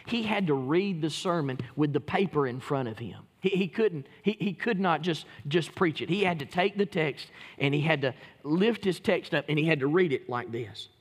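A male pastor preaching a sermon, swinging from hushed low lines to booming, rising declarations. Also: animated, normal speed, few pauses. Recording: long hall reverb.

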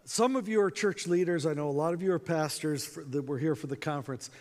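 Animated male conference speaker. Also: a little high, fast talker. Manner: animated, acts out dialogue. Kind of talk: storytelling talk to a live audience. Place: conference hall. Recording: reverberant conference hall.

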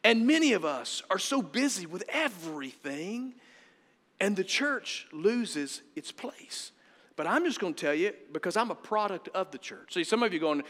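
A middle-aged man preaching a sermon as pastor, emphatic, swinging between loud and hushed. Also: sits high, very animated, normal speed. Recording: long hall reverb.

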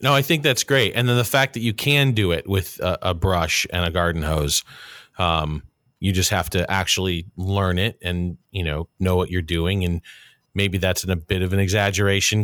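Male host, very low voice, dry close sound, casual and jokey. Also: steady tone, moderate pace, fairly bright tone, clear, resonant tone, no room sound. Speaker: podcast host. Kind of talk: podcast interview.

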